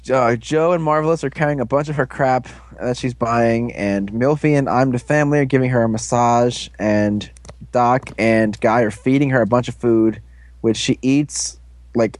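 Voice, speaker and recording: A man's voice: medium pitch, darkish tone, dry recording. A man hosting a casual chat, loosely recapping an episode and swearing now and then. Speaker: podcast host recapping an episode.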